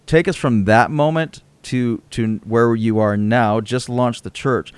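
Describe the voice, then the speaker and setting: A man's voice: mid-range voice, a little slow, clear, resonant tone, no room sound. A man hosting a podcast, asking questions with brief encouraging affirmations. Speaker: podcast host. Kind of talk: interview questions and backchannel.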